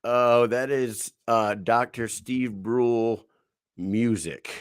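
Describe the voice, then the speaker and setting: A man's voice: medium pitch, takes it slowly, clear, resonant tone, no echo, clean studio sound. A man in his thirties co-hosting a podcast in casual chat, joking and swearing freely. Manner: profane, joking, excitable. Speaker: podcast co-host.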